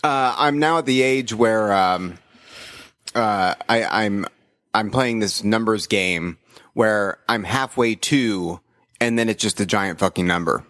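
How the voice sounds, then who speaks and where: A middle-aged man co-hosting a casual podcast over a remote call, rambling and swearing with halting restarts. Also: on the low side, a bit bright, no echo, clean studio sound. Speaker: podcast co-host.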